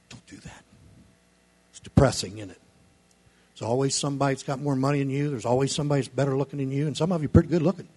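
High-voiced man preaching a sermon. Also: slightly rough. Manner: preaching, voice rising and falling sharply between shouts and low murmurs; blunt, folksy delivery with casual contractions. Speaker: pastor.

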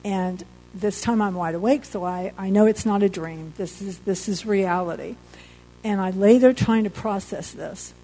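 Woman, earnest faith testimony, halting and heartfelt, warm mellow tone. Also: mid-range voice, poor audio. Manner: earnest, halting, emotional storytelling. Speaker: accident survivor giving testimony.

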